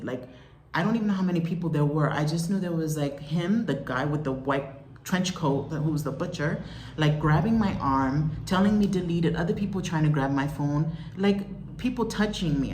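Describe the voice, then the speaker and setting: A woman vlogger telling a frightening travel story in a rushed, shaken, exclaiming way, still upset as she speaks. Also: deep voice, darkish tone, echoey room, slight background noise. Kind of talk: emotional storytime recounting.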